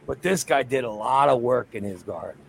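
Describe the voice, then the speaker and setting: Gravelly man rambling through a crude story. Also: medium pitch, animated, brisk, slight background noise, low-quality recording. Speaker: radio show co-host. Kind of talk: casual chat.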